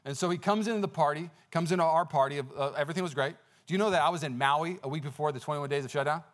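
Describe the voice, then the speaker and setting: A male pastor preaching a sermon in a conversational, animated way, with frequent fillers and restarts. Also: a little high, very fast.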